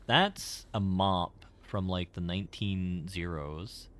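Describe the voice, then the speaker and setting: Man, very low voice, game streamer, casual wry commentary, digressive. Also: slow, slight background noise.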